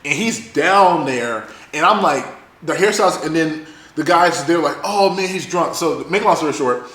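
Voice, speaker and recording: A man on a casual podcast, telling a long story in an animated, profane, fast-talking way. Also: fairly high pitch, roomy sound. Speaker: podcast co-host.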